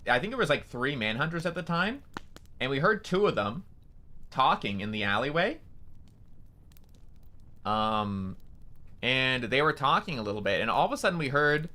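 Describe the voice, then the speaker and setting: A man's voice: medium pitch, bright, forceful tone. A young man, a streamer, telling a story casually, rambling with lots of fillers and swearing.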